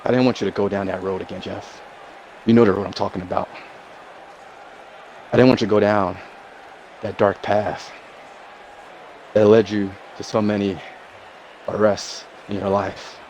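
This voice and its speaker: A man plays a bitter wrestler rival, drawling and threatening in a fan-made promo. The voice sits low, with a faint hiss underneath, and he keeps repeating filler. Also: flat delivery, normal speed, pauses often, a little mellow, muffled recording, lightly acted. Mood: menacing. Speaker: fan performer voicing a pro wrestler. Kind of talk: wrestling promo role-play.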